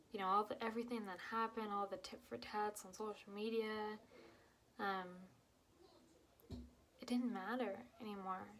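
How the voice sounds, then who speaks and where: A young woman telling her own painful story to camera, halting and emotional, with many fillers and restarts, dropping to a whisper at the hardest parts. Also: medium pitch, fairly bright tone, slight background noise. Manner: drops to whispers at painful moments.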